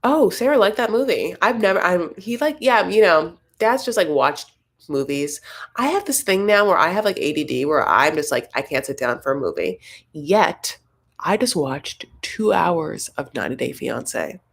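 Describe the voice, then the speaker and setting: A young woman chatting on a casual live stream from home, wandering from thought to thought and reading out comments as they come in. Her voice sits fairly low and has a gravelly, fry-laden edge. She talks loosely and conversationally, with lots of fillers. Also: very animated, moderate pace. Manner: chatty, rambling, reads viewer comments aloud. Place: home, Los Angeles.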